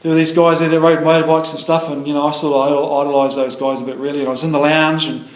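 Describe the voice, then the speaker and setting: A man's voice: fairly high pitch, little pitch movement, fast talker. A middle-aged man with a New Zealand accent sharing his story at a recovery meeting, rambling with many fillers and restarts. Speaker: AA meeting speaker. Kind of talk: personal recovery share. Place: meeting room. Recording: echoey meeting room.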